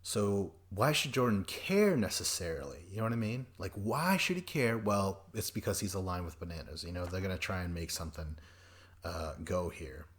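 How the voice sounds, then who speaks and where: A man hosting a podcast, recapping a reality show in a rambling, profane way and acting out quoted people in quick voices. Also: low-pitched, animated. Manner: rambling and profane, jumps between notes. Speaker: podcast host.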